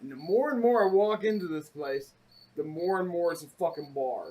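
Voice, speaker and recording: Casting: man, podcast co-host, husky and high, rambling and casual, a bit off-mic. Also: lively intonation, normal speed, darkish tone, recorded from a distance, low-quality recording. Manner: easygoing, rambling, with fillers and swearing. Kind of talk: casual storytelling.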